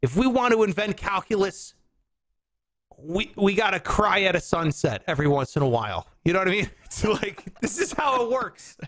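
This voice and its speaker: A man hosting a podcast, riffing in casual comic chat, rambling and breaking into shouts for bits. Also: high-pitched, big pitch swings, normal speed. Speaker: podcast host.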